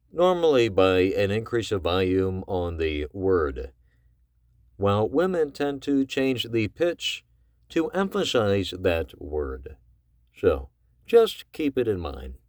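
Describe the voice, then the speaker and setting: A man casually explaining voice-acting technique, talking slowly and deliberately with sudden pitch jumps for emphasis. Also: no echo, clean studio sound. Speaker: voice acting coach. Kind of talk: casual spoken tips to camera.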